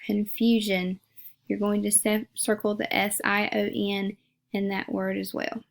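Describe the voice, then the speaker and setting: A woman's voice: medium pitch, completely flat delivery, unhurried, vocal fry. A woman teacher giving a phonics lesson, patiently repeating words and sounding them out syllable by syllable.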